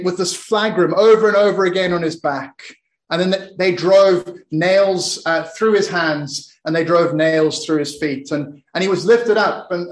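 A man's voice: high voice, echoey room, poor audio. A man preaching a sermon in earnest, often repeating and restarting his words.

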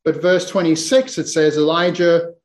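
A man preaching a sermon, retelling a scripture scene, often repeating and restarting words and slowing down for emphasis. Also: on the high side, fairly even intonation, echoey room.

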